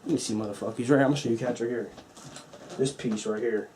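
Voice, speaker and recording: Excitable young man ranting about wrestling. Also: mid-range voice, fast, a little hiss or hum. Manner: excited, profane, acts out moves with sound effects. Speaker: wrestling vlogger. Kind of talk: casual review rant. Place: at home at a table.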